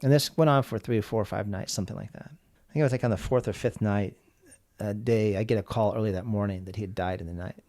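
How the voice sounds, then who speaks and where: A man's voice: on the low side, fast, a little mellow, no echo. A middle-aged man from the United States, a guest telling a personal story in an earnest way, often repeating words for emphasis.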